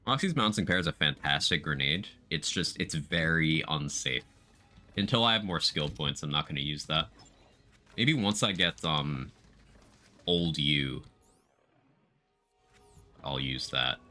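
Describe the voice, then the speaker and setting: Man, very deep voice, bright forceful tone, casual game-stream chatter, reads chat aloud, faint music behind. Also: animated, a little slow, long pauses. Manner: chatty, reads out viewer chat while playing. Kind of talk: casual gameplay commentary.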